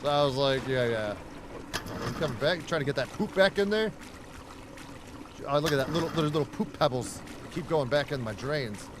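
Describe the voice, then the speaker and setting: There is background noise as a man with a fairly high, brisk voice streams a game live. He swears freely and rambles, chatting casually with viewers and talking to the game.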